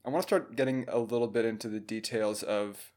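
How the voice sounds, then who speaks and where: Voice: mid-range voice, steady tone, a little fast, darkish tone. A podcast host who sums up the guest's points and asks curious follow-up questions, now and then with a playful joke. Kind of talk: casual podcast interview.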